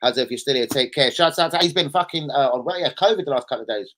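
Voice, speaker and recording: Young man, bright tense voice, casual sweary stream chat, greeting viewers by name. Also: mid-range voice, fast talker, low-quality recording. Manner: loose, sweary, shouting out viewers. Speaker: live stream host.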